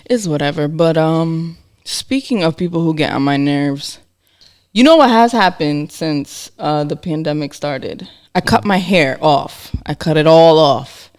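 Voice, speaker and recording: A woman co-hosting a podcast in casual chat, candid and animated, laughing often. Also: sits low, unhurried. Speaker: podcast co-host.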